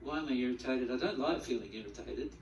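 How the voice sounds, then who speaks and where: A man giving a spiritual teaching talk to a group, animated, acting out the feelings he describes and often repeating words as he goes. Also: medium pitch, fast talker, muffled recording, slight background noise. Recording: echoey room, mic at a distance.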